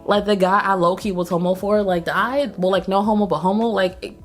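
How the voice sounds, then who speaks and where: A woman hosting a casual movie recap, telling the story in a profane, slangy, animated way. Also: medium pitch, brisk, soft background music. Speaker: host.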